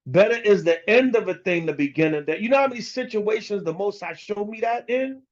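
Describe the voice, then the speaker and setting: A man's voice: high-pitched, animated, a little fast. A man preaching a casual, slangy scripture lesson, blunt and emphatic, talking straight to his listeners. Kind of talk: casual street-style sermon. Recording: dull lo-fi recording.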